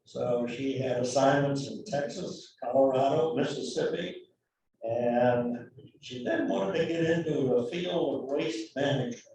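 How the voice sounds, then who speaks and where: A man introducing the guest speaker at a club meeting in a folksy, unhurried way. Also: mid-range voice, dark tone, distant mic, a little hiss or hum. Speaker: program introducer. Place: meeting room. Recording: echoey room, voice from afar.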